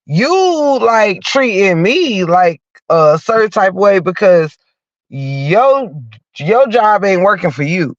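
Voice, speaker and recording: As a podcast host, a man with a stuffy nose from a cold delivers a profane comic rant, bluntly cursing through a heated story. His voice sits high and is very animated but slow. The recording is dull, lo-fi, and dry, with no room sound.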